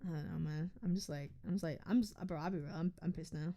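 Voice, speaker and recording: A woman game streamer with a low, mellow voice and vocal fry talks fast with few pauses. In a casual livestream rant straight to chat, she vents about friends, frustrated and heavily profane, often repeating and restarting her words.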